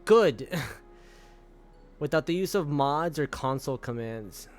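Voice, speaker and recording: A young male streamer chats loosely over a game, swearing freely and breaking into laughs. His voice sits a bit high, and soft music plays faintly behind him. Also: animated, slow pace. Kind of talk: casual storytelling while gaming.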